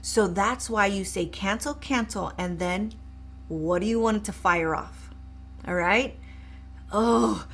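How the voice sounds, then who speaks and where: A middle-aged woman coach who speaks straight to her viewers with upbeat encouragement and leads a short eyes-closed exercise in a softer voice. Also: mid-range voice, moderate pace. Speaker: mindset coach. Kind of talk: live coaching demonstration.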